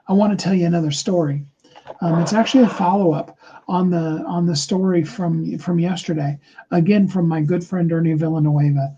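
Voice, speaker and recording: A man giving a motivational talk, telling a story slowly and deliberately, with many fillers and restarts. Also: fairly high pitch, fairly even intonation, warm tone, slightly rough, muffled recording. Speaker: motivational speaker.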